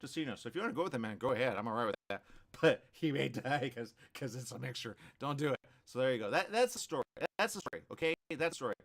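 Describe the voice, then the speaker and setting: A man with a mid-range voice hosts a morning radio show, reading news stories aloud while adding joking commentary and laughing often. He talks fast with few pauses, sounds animated, and tends to repeat phrases.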